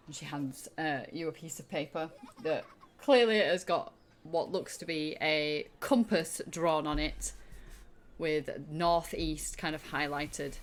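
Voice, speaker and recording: A woman's voice: low-pitched, takes it slowly. A woman narrating as game master of a tabletop game, casual and full of fillers.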